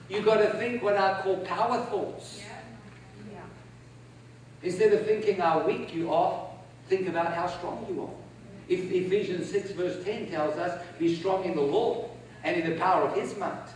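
A man with a very high voice preaches a sermon, pressing his points and having the congregation repeat after him. He sounds distant from the microphone, and the large hall around him echoes heavily. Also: a little slow, fairly bright tone, a little hiss or hum. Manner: emphatic, leads the congregation in call-and-response.

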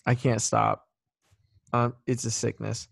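Speaking slowly in a creaky, husky mid-range voice, this male podcast co-host spins animated stories in relaxed conversation, performing the voices of those he quotes. His audio is dry and studio-clean.

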